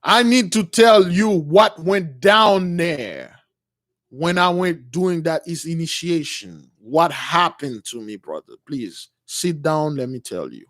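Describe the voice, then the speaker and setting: A man voicing a grieving, solemn young man who speaks quietly in heavy, old-fashioned phrases. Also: on the high side, big pitch swings, takes it slowly, dry recording, clean studio sound, heavily acted. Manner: quiet, heavy, archaic speech.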